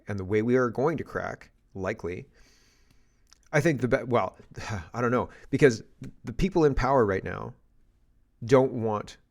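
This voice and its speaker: A male political commentator from Canada, ranting in a loose, casual way. He sounds blunt and fed up and keeps breaking off mid-phrase to restart. His pitch is mid-range and ordinary for a man. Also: vocal fry. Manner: blunt and exasperated, with restarts and sighs.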